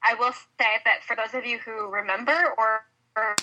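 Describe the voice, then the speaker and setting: A woman co-hosting a podcast in casual chat, rambling and quick to laugh. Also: fairly high pitch, level tone, pushed and bright, lo-fi sound, a little hiss or hum. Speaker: podcast co-host.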